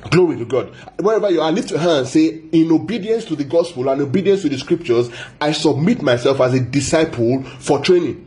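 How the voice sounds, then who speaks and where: A man preaching a Bible sermon, repeating phrases for emphasis, asking the listeners questions and stretching key words out slowly. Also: a little high, expressive, darkish tone.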